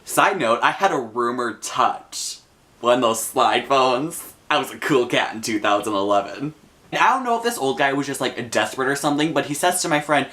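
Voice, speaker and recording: Brief: young adult male vlogger, storytime delivery, animated, loose and chatty, mid-pitched. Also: moderate pace. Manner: chatty, animated retelling full of fillers. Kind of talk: casual storytime.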